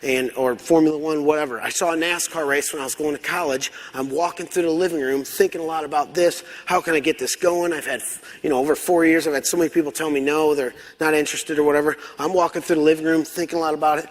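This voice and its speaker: A man with a fairly high-pitched, fast voice gives a storytelling keynote at a conference, animatedly acting out dialogue in different voices. The large conference hall adds long reverb to the recording.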